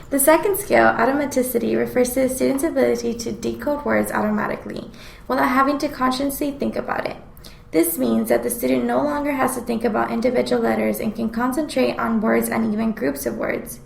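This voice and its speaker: Student presenter, woman, very gravelly voice with a slightly high pitch, explanatory read, roomy echo. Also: slight background noise. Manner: explanatory, reads prepared text. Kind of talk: reading a scripted class presentation.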